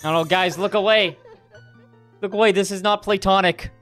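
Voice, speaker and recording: A man's voice: high voice, fairly even intonation, normal speed, fairly bright tone, faint music behind. A man chatting casually as a streamer while playing a game, joking and chatty with bits of mock outrage. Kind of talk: casual gameplay commentary.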